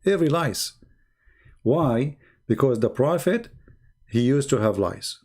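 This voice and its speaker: Middle-aged male host, Arabic accent, gravelly mid-pitched voice, sarcastic and mocking, hoarse. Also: expressive, a little slow, a little mellow. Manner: sarcastic, mocking, broken English. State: losing his voice, coughing. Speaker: host answering viewer questions. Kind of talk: casual livestream chat.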